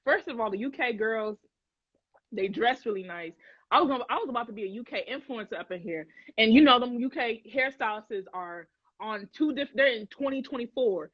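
A woman's voice: fairly high pitch, expressive, fairly quick, breathy edge, no room sound. A young woman hosting a livestream, chatting casually and animatedly with viewers in slangy talk, laughing often. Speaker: livestream host. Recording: dull lo-fi dry sound.

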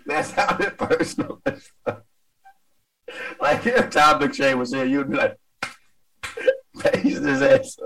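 A man's voice: a little high, wildly swooping pitch, drawn-out words, gravelly, long pauses, pushed and bright, far from the mic, low-quality recording. A man co-hosting a casual sports chat, teasing and joking with his co-host. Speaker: podcast co-host.

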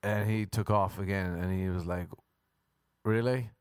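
A man's voice: deep voice, little pitch movement, moderate pace, clean tone, no echo, clean studio sound. A man with an Irish accent hosting a podcast, rambling through a crude, self-mocking comic monologue. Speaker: comedian podcast host.

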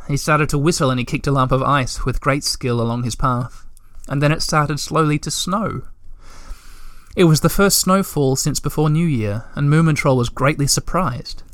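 A man narrating a children's storybook in a steady, gentle reading voice. His pitch sits at an ordinary middle, and the recording is close and dry with no room sound. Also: clean tone, dry recording.

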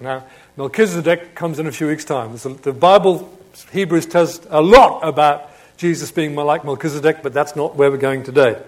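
Emphatic male preacher with hushed passages. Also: fairly high pitch, normal speed. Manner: swings from emphatic proclamation to hushed, quiet reflection; asks rhetorical questions of the congregation. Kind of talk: sermon.

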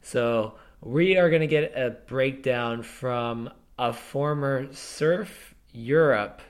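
A man's voice: medium pitch, slow, clean tone. A man co-hosting a podcast, rambling casually with restarts and the odd swear word. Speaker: podcast co-host. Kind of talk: casual chat.

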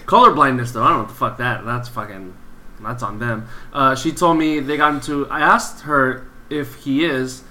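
A man's voice: medium pitch, normal speed. A man in casual podcast chat, telling work stories with a lot of swearing. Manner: profane, animated storytelling. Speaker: podcast co-host, teacher.

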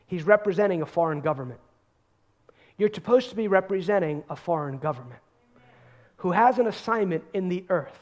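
A man preaching a sermon, emphatic, repeating words for stress and swinging between loud bursts and hushed asides. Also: sits high, animated, a little fast, long pauses.

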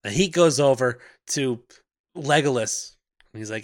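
A man's voice: mid-range voice, a little slow, no room sound, clean studio sound. A man co-hosting a podcast, casually recapping a film's plot and acting out characters' lines for laughs. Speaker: podcast co-host. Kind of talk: casual movie recap chat.

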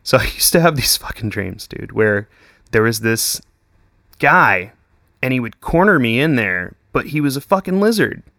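A young man in his twenties tells stories in a loose, rambling chat, dropping curse words and filler words everywhere. His voice sits at an ordinary pitch and sounds close and dry, with no room sound around it. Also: very animated, normal speed, pushed and bright, dry recording. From Texas. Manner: swears constantly, says "like" and "dude" a lot. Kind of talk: casual chat.

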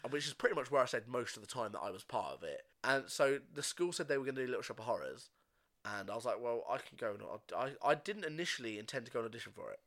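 Bright-voiced chatty man. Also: mid-range voice, lively intonation, quick pace. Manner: chatty storyteller, laughs often. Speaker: podcast co-host. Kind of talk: casual chat.

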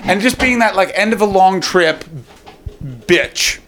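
A young man performing stand-up comedy, ranting in a profane, animated way. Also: high-pitched, slow pace.

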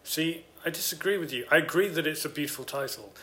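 A man's voice: a little high, quick pace, fairly bright tone. Enthusiastic man talking books. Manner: enthusiastic, explains at length. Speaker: podcast co-host. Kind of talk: casual discussion of books.

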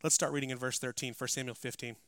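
A male pastor preaching a sermon, climbing to loud, emphatic passages and dropping to quiet asides. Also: medium pitch, little pitch movement, quick pace, no room sound, clean studio sound. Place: church.

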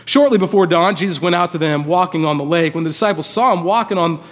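A man's voice: sits high, fast talker. A man preaching a sermon as pastor, casual and conversational, with informal asides. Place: church hall. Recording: long reverb of a large hall.

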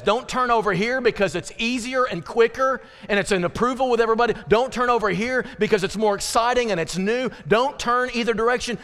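High-voiced preacher in a reverberant hall. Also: male voice, fairly quick. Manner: animated preaching with dramatic drops to quiet, earnest lines. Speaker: pastor. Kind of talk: sermon. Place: church sanctuary. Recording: church hall with long reverb.

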